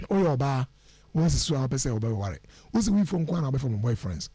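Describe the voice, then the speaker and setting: A man speaking as a guest on a radio show, giving lively, preachy advice on how to order your life and mixing English phrases into his speech. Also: mid-range voice, fast, husky, no echo. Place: radio studio.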